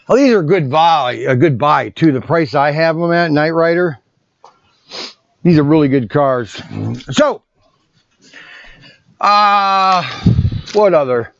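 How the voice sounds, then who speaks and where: A man's voice: fairly high pitch, dry recording, lo-fi sound. A man who owns a toy shop, chatting casually and rambling in a vlog while he packs orders. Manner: rambling, chatty, often restarts sentences. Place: indoor shop packing area. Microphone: separate mic system away from the camera.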